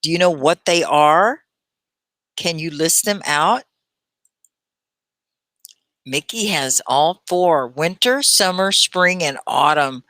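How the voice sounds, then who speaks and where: Low-voiced, bright woman teaching English. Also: slow pace, pauses often, no echo. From Texas. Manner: clear, careful diction, encouraging, reads comments aloud. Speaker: ESL teacher. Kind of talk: live online English lesson. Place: at home in central United States.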